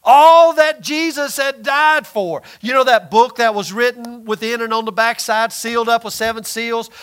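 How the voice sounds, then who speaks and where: A man's voice: very high-pitched, moderate pace, fairly bright tone, clean tone. A man preaching a sermon in a conversational, emphatic way, often acting out quoted voices.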